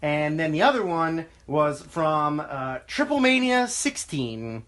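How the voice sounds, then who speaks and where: A man co-hosting a casual wrestling podcast, blunt and deadpan, swearing freely. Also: fairly high pitch, slow. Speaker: podcast co-host.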